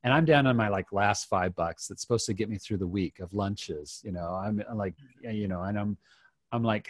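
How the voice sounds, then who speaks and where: A man's voice: on the low side, normal speed, dry recording, studio quality. A middle-aged man, a podcast guest, telling a personal story in an earnest, reflective way with many restarts.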